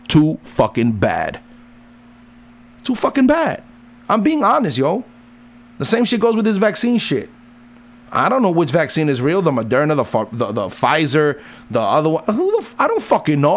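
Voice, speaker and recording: A middle-aged father lectures in a heated, profane rant, swearing constantly. His pitch jumps up and down as he goes.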